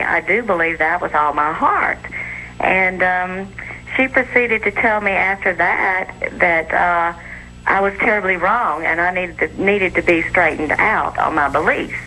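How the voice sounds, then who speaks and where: A woman's voice: on the low side, pushed and bright. A woman in her forties calling in to a show, earnestly recounting an argument step by step. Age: 40s. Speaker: caller. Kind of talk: phone-in caller telling a story. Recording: phone line with faint hiss.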